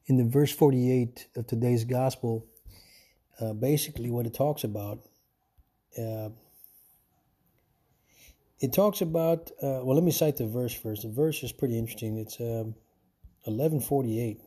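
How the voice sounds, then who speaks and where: In a mellow, husky mid-range voice, a self-taught preacher delivers a rambling home sermon a little slowly, pausing often. He repeats himself throughout and regularly refers to his listeners as "folks."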